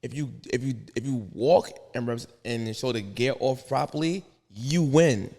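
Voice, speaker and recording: A man's voice: mid-range voice, measured pace, warm tone, long reverb tail. A man hosting a podcast interview, talking bluntly and jokingly in street slang. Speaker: podcast host. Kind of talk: casual interview chat.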